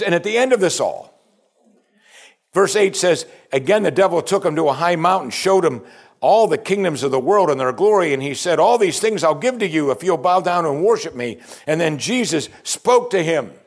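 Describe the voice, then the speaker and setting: A man preaching a sermon, reading scripture aloud and asking pointed questions, often dropping to a hushed voice on key points. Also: high voice, lively intonation, moderate pace.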